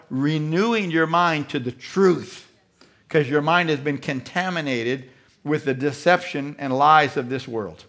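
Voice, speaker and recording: A man's voice: a little high, fairly bright tone. A man preaching a sermon as pastor, emphatic and rhetorical with a preachy cadence.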